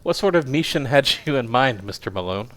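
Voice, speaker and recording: A man doing a fussy old news editor, pitched up. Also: lively intonation, brisk, a bit bright, close to an everyday voice. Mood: kindly, brisk. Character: crabbed old kindly male news editor.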